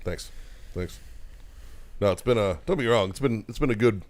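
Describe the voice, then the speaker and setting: A man's voice: fairly low pitch, moderate pace. A man co-hosting a podcast, chatting in a laid-back way and swearing a lot. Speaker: podcast co-host. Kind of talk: casual chat.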